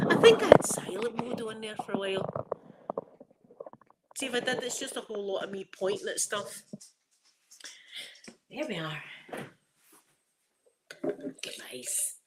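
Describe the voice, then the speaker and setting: A woman's voice: mid-range voice, very animated, measured pace, long pauses, noisy background. A Scottish woman chatting casually while showing viewers around her home, rambling and laughing often, on a phone she carries around. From Scotland. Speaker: ASMR channel host.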